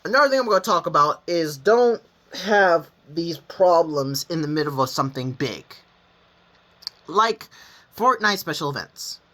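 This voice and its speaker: The vlogger's medium-pitched voice is bright and forceful, with lively intonation and an unhurried pace. A young adult gamer, he shares personal stories to camera candidly, rambling and blunt, restarting and correcting himself and swearing casually.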